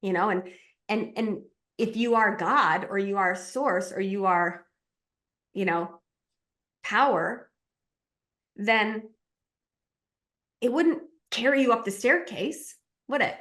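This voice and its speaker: A woman giving a spiritual coaching talk, animated and acting out inner voices as she explains. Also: mid-range voice, takes it slowly, long pauses.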